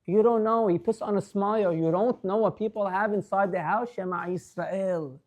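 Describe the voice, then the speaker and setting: A man's voice: sits high, moderate pace, a little mellow. A male rabbi giving a religious class, earnest and emphatic, stretching words for stress.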